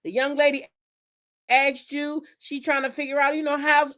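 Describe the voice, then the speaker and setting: A woman hosting her own channel, telling stories in a blunt, profane, animated style. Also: sits high, a little fast. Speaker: channel host. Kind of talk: casual commentary chat.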